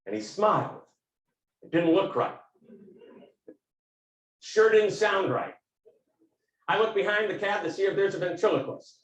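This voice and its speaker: A man giving a business talk as a keynote speaker, telling a story in a vivid, animated way. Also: high-pitched, a little slow, long pauses, roomy sound, distant mic, rough recording.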